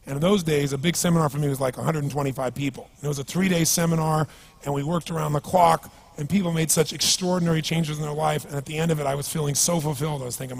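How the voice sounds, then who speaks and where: A man giving a motivational seminar talk to a live audience, energetic and emphatic, telling stories and asking the crowd rhetorical questions. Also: on the high side, fast talker, gravelly, a little hiss or hum. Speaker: motivational speaker.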